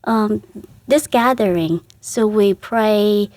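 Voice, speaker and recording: A woman speaks slowly, her halting phrases broken by soft laughs. She is a religious sister answering interview questions in her own unhurried way. The sound is dry, with no room echo. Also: mid-range voice. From Vietnam. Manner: halting, earnest, laughs softly between phrases. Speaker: Catholic sister, interview guest. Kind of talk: casual interview.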